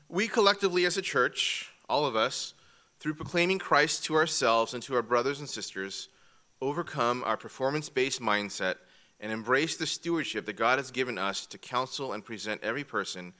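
A man's voice: medium pitch, bright, forceful tone. A man teaching a church class from an outline, methodical and repeating each key point. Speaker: Bible teacher.

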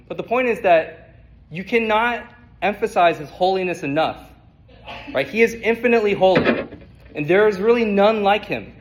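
A male preacher giving an expository sermon, speaking in a measured, emphatic way and sometimes repeating words as he thinks. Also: sits high, background noise.

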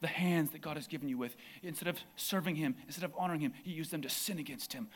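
A man preaching a sermon in church, impassioned and building to near shouts. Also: fairly high pitch, fast, hardly any pauses.

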